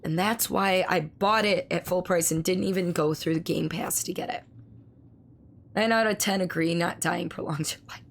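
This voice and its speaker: A woman streamer with a hoarse, gravelly voice worn down by laryngitis. She chats casually with her viewers and reads their messages aloud, keeping her pace slow and careful. Faint noise sits behind her. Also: fairly low pitch. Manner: speaks slowly and carefully to spare her voice. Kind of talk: casual live-stream chat.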